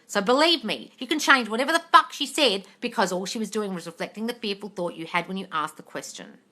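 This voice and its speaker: A woman's voice: medium pitch, fast talker, sharp tone. A woman, answering viewers' questions on a live stream in a casual, blunt way, swearing freely and calling listeners darling.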